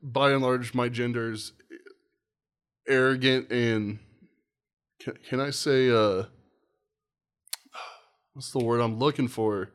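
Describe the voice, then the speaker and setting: A man's voice: mid-range voice, fairly even intonation, slow pace, pauses often, fairly bright tone, smooth. A man hosts a loose podcast conversation in an ordinary mid-range voice. He rambles, jokes at his own expense and keeps losing his point. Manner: rambling, self-deprecating, loses his train of thought. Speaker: podcast host. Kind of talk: casual chat.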